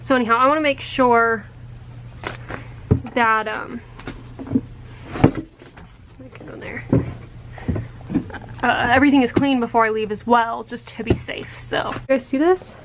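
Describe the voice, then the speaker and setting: A woman's voice: on the high side, fairly even intonation, a little slow, long pauses, noisy background. A college-age woman, vlogging in a rambling, chatty way. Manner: rambling, chatty, laughs when embarrassed. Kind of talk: casual vlog.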